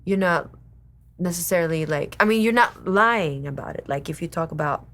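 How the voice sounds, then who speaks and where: A woman co-hosting a casual faith chat, soft-spoken and given to dropping into a whisper. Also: fairly low pitch, animated, moderate pace. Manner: soft-spoken, swings between whisper and loud. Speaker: co-host.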